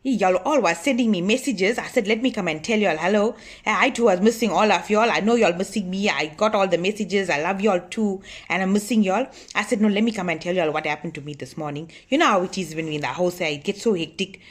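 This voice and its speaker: In a comedy sketch, a woman plays a bossy, long-married older auntie who talks right to the camera in a comic monologue, gossiping nosily and scolding her lazy husband. Her mid-pitched voice is lively and fast, with hardly any pauses, and the acting stays light.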